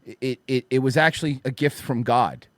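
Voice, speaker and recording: A man's voice: medium pitch, a little fast, dry recording. A man hosting a podcast, ranting and mocking in crude comedic banter. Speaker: podcast host.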